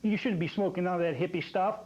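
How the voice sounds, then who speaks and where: A man's voice: sits high, fast talker, a little mellow, muffled recording, natural voice. A man playing an angry father scolding his son, hollering, stammering and coughing between lines, from an old public access TV tape. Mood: apologetic.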